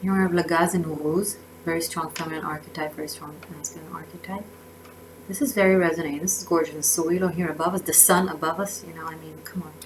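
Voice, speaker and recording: A woman's voice: sits low, steady tone, fast, noisy background. A woman giving a casual tarot reading, effusive and emotional, often restarting her words. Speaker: tarot reader.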